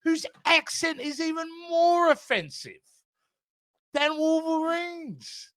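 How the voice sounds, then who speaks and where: A man with an Australian accent co-hosting a casual podcast, animated and exasperated, rambling as he rants. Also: very high voice, slow pace, no room sound. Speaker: podcast co-host.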